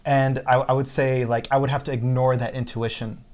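A man's voice: medium pitch, level tone, a little fast, a little mellow. A man talking candidly and reflectively in a casual podcast chat, often repeating words as he starts a thought.

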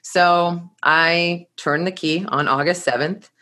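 A woman telling a personal story to an audience in an animated way, laughing now and then and often restarting her sentences. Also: fairly low pitch, takes it slowly. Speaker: course teacher.

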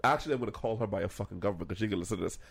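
A young man co-hosting a podcast, telling stories in a profane, animated way and putting on voices for the people he quotes. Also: lowish voice, racing, gravelly, slightly rough. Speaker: podcast co-host. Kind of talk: casual podcast banter.

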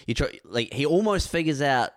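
A man's voice: fairly high pitch, animated, moderate pace, no echo, clean studio sound. A man in casual comedic chat, talking thoughtfully and rambling with restarts.

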